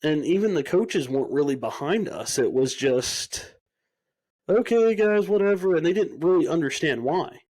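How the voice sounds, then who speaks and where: This podcast co-host is a young man with a slightly high, darkish voice and lively intonation, talking at a moderate pace with few pauses. In casual chat he spins energetic stories, performs quoted dialogue, and curses without holding back.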